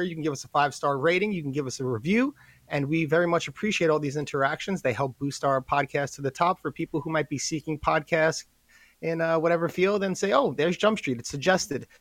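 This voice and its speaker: A young man with a New York accent co-hosts a casual podcast with energetic, hyped-up delivery. His voice sits a little high, and the recording is dry and close with no room sound. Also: no echo. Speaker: podcast co-host.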